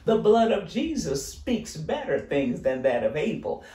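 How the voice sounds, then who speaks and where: A man's voice: fairly high pitch, big pitch swings, a little slow, warm tone, echoey room, far from the mic. A man teaching a Sunday school lesson, preaching fervently with frequent exclamations of praise. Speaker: Bible teacher.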